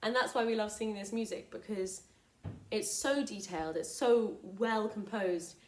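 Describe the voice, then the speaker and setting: A woman's voice: mid-range voice, normal speed, slight background noise. Enthusiastic young woman in an echoey room. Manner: enthusiastic, explanatory. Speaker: soprano and choral conducting fellow. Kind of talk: casual spoken introduction to a choral piece. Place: living room at home.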